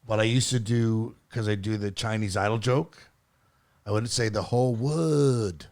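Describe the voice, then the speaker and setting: A man's voice: on the low side, level tone, moderate pace. Rambling, laughing podcast man. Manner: rambling, laughs between phrases. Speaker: podcast co-host. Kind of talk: casual chat.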